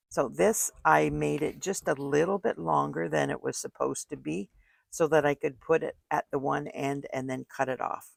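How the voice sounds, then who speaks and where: This is a casual card-making tutorial from an older woman at home in her craft room, musing aloud while she works. Her deep voice is creaky and slightly rough, captured by a desk microphone with clean studio sound and no echo.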